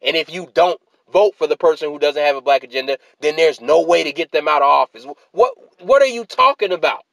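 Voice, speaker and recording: A man's voice: on the high side, lively intonation, brisk, creaky, few pauses, a bit bright, no room sound, poor audio. A man ranting in a video essay, exasperated and repeatedly demanding what people are talking about, tired after a work shift. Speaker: political commentator.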